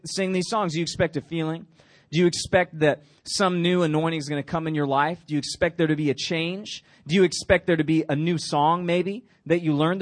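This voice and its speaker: Animated high-voiced youth pastor. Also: male voice, no echo, studio quality. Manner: animated, playful asides to the crowd. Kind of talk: youth sermon.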